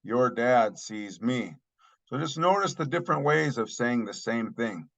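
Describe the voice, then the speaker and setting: A man's voice: mid-range voice, expressive, measured pace, creaky, highs cut off. A man teaching a language lesson, saying each phrase twice and then translating it. He speaks with a Northern Paiute accent. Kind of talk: slow recorded language lesson.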